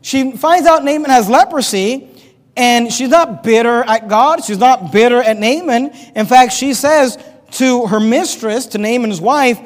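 A man preaching a sermon, reading scripture aloud and acting out quotes with animated delivery. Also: extremely high pitch, measured pace. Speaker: pastor. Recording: long reverb of a large hall.

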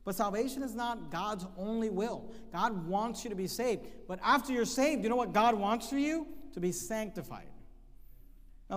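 A man preaching a sermon, emphatic, reading scripture slowly and repeating key phrases. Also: high-pitched. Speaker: pastor. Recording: long hall reverb.

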